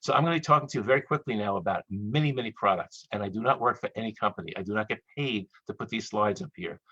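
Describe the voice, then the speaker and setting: A man giving a chatty, joking lecture to dentists over a webinar, quickly acting out little quoted exchanges. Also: fairly low pitch, pushed and bright, breathy edge, no echo. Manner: fast, chatty, joking asides, acts out quoted voices. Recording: dull, dry lo-fi webinar audio.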